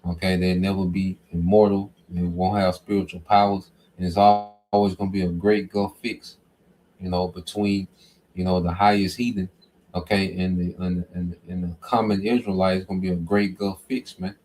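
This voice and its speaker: A man's voice: sits low, flat delivery, normal speed, a little mellow, a little hiss or hum. A man giving informal scripture teaching, talking conversationally and often checking in with "okay?" and "man". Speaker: Bible teacher.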